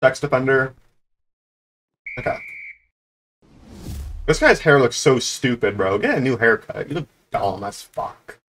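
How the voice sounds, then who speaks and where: A man's voice: lively intonation, a little slow, long pauses, a bit bright, slight background noise. Swearing, trash-talking young gamer guy. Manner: sudden high-pitched yelps and squeals; grumbling, ranting complaints. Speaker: gaming YouTuber. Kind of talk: live gameplay commentary.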